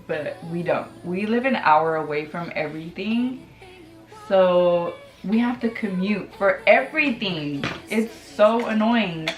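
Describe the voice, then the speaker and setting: A beauty vlogger in her thirties, her voice mid-range, chats candidly while doing her makeup in a casual get-ready-with-me session. She leans heavily on "like" and swears casually, and the low-quality recording has a roomy sound.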